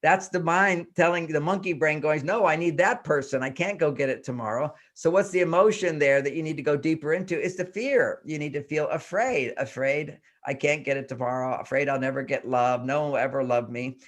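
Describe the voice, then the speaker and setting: An older man explaining in an earnest, step-by-step way, his voice sitting a little high for a man. He keeps asking himself rhetorical questions and briefly acts out the inner voices he describes. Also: fairly even intonation, a little fast, few pauses, fairly bright tone. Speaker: guest relationship expert. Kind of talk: explanatory interview talk.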